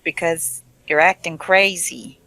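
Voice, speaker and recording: Player putting on a sassy tough-talking woman, needling, slow and bright. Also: mid-range voice, dry recording. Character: brash, sarcastic woman adventurer, Maxine.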